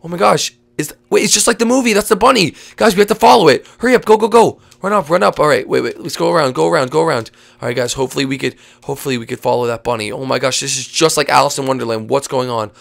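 A woman hosting a game role-play, leading her friends in an excitable, bossy way with sudden shouts. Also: low-pitched, rapid-fire, gravelly. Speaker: host.

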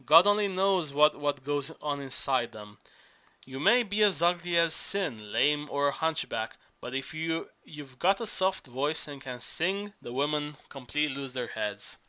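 A man's voice: on the high side, expressive, unhurried, sharp tone, clean tone. A man reading an audiobook aloud, voicing an earthy, boisterous older Greek working man who talks urgently and coaxingly, stumbling and restarting as he goes. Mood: confiding.

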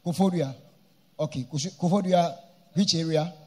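A man's voice: a little high, moderate pace. A man leading a church hearing, asking brief probing questions and mixing English with a local language. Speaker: church leader questioning a congregant.

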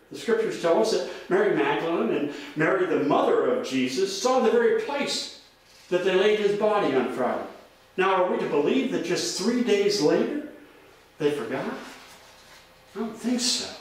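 Man preaching easter sermon, high voice, mic kinda far off, lots of church echo. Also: big pitch swings, normal speed. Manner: earnest preaching with frequent word repeats. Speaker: pastor. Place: church sanctuary. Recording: roomy echo, voice from a distance.

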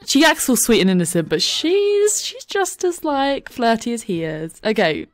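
A woman's voice: a little high, very animated, moderate pace, no room sound, clean studio sound. A woman giving chatty, giggly let's play commentary into a desk microphone at home. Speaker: gaming YouTuber.

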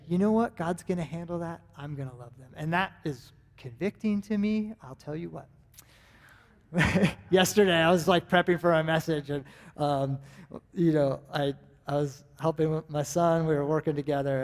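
Speaking at a moderate pace in a slightly high voice, an American pastor in his thirties delivers an earnest, conversational sermon. He frequently starts his sentences over. The long reverb of the church sanctuary hangs over the recording.

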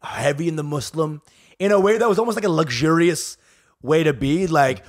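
A man's voice: fairly high pitch, normal speed. A man co-hosting a comedy podcast, telling crude stories with lots of swearing, laughter and mock voices. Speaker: podcast co-host. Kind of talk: casual comedic chat.

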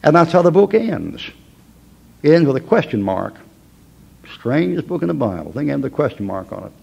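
A man's voice: fairly high pitch, big pitch swings, moderate pace, gravelly, darkish tone, husky, muffled recording. A man teaching a Bible class in a folksy, emphatic way, with chuckling asides.

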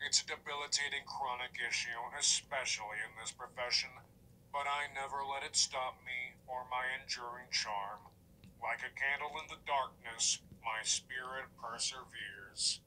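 A man voicing a deadpan adult male teacher and coach in a cartoon, speaking in a flat, bored drawl. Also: mid-range voice, moderate pace, a little hiss or hum, low-quality recording. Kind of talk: cartoon voice acting.

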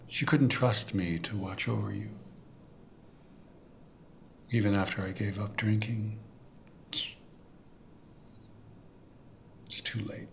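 An older actor playing a dying father who reminisces to his son, gentle and rueful, often chuckling softly as he tells stories. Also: on the low side, gravelly, slight background noise. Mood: regretful. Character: regretful dying father, wry storyteller. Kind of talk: film drama dialogue.

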